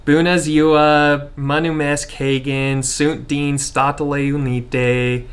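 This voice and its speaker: A man imitating a clumsy American beginner speaking Romanian with a heavy American accent, dragging out flattened vowels. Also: on the high side, clean tone. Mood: stiff. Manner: slow, exaggerated, flattened vowels. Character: clumsy adult male American beginner stumbling through Romanian.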